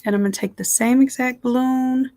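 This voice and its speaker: A woman design instructor giving a casual, chatty live software tutorial from home, talking straight to her viewers. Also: high-pitched, fairly even intonation, fairly quick.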